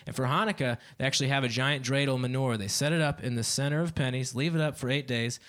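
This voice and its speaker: A man's voice: medium pitch, fairly even intonation, quick pace, fairly bright tone. A man in his twenties doing a stand-up set on a club stage, often laughing at his own jokes. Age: 20s. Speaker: stand-up comedian.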